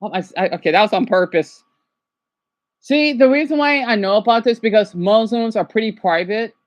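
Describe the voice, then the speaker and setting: A man livestreaming his reactions, rambling and agitated, dropping to quiet mutters and then yelling at someone off to the side. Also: high-pitched, normal speed, no room sound. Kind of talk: casual livestream reaction chat.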